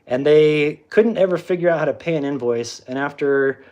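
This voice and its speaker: Animated man telling a story. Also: fairly high pitch, moderate pace, highs cut off. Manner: animated, acts out quoted exchanges, frequent restarts. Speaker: livestream host. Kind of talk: casual storytelling monologue.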